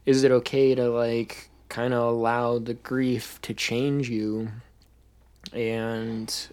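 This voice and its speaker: Co-host, slow and deliberate, hesitant and reflective, lots of "um" and "like". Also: medium pitch, flat delivery, darkish tone, clear, resonant tone. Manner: thoughtful, hesitant, many fillers. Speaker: podcast co-host. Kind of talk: casual podcast chat.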